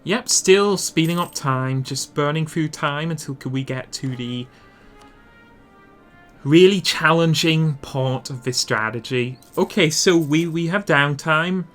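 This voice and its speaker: Over soft background music, a man with a slightly high, slightly bright voice narrates a strategy game guide at a slightly slow pace. He explains his plans instructionally, thinking out loud and correcting himself.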